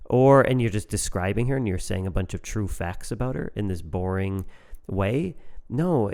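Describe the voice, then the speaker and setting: A man's voice: fairly low pitch, lively intonation, moderate pace, hardly any pauses, a little mellow. A young man co-hosting a Christian podcast, talking earnestly and building into fervent, prayer-like lists. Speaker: podcast co-host. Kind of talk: casual Christian podcast conversation.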